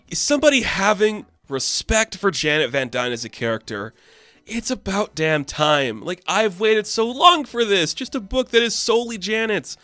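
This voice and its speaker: A man's voice: high voice, sharp tone, dry recording. A man casually reviewing a comic book with enthusiasm, talking in a loose, filler-heavy way.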